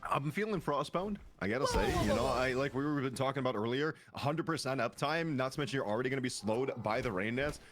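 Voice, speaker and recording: A man casting an esports match, calling the play quickly and excitedly, with laughs between plays. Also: mid-range voice, soft background music. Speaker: play-by-play caster. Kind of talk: esports commentary.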